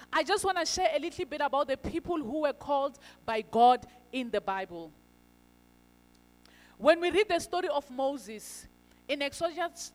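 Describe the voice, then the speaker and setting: A woman preaching a sermon in a church, telling stories with fillers and rhetorical questions. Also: high-pitched. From South Africa. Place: church hall. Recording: church service recording with reverb and faint music.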